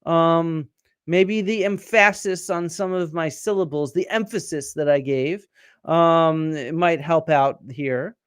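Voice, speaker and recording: Man, fairly high voice, dry close sound, live-streamed lecture, quizzes his viewers. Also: slow pace, clear, resonant tone, dry recording. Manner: explanatory, quizzes viewers and reads out their comments. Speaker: archaeologist host.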